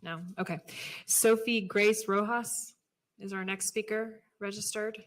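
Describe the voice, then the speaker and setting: Woman chairing a meeting, mid-pitched, brisk and businesslike, calls the next speakers. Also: steady tone. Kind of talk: formal meeting procedure.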